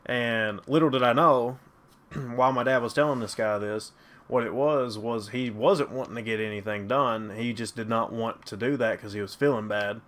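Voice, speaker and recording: A young man in casual chat, speaking in a low-key, profane way and correcting his friend's version of events. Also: moderate pace, a bit bright. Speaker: friend in the story.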